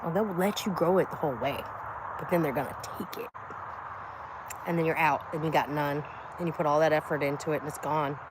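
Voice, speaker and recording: A woman's voice: deep voice, fairly quick, background noise. A middle-aged American woman chatting casually on a live stream, rambling and swearing freely as she talks. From United States. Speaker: vlogger.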